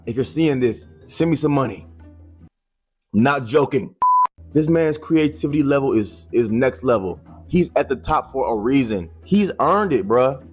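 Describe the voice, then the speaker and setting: Husky-voiced man doing slangy vlog commentary. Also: medium pitch. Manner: slangy, joking, boastful asides. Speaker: YouTuber commentator.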